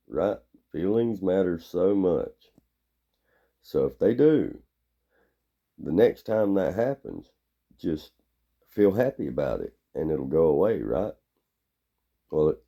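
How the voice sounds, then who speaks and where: A blunt, gruff man delivers a rambling opinion monologue. His voice sits extremely low, with a gravelly fry and a dark, mellow tone.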